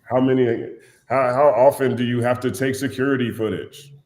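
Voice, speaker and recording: A man's voice: mid-range voice, fairly quick. A man talking bluntly and animatedly as a podcast guest in casual chat. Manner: animated, blunt storyteller, puts on voices when quoting.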